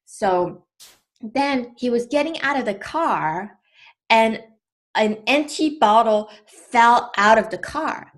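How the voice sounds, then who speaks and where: A woman in her thirties gently telling a personal story about her young son, in a casual, unhurried way. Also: on the high side.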